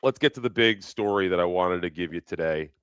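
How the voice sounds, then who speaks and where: A man's voice: deep voice, a little fast, a bit bright, clear, resonant tone, no room sound. A man hosting a casual live stream, rambling and swearing freely, often breaking into laughter. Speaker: livestream host.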